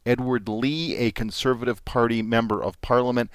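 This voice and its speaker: A man's voice: mid-range voice, fairly even intonation, moderate pace, no room sound. A man hosting a podcast, reading news items in a casual way with dry jokes. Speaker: podcast host.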